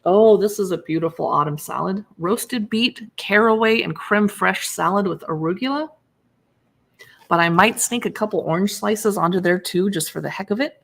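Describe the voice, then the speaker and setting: A woman's voice: mid-range voice, moderate pace, creaky. A woman who blogs about cookbooks, chatting casually on a live stream as she pages through recipes and answers viewers in chat.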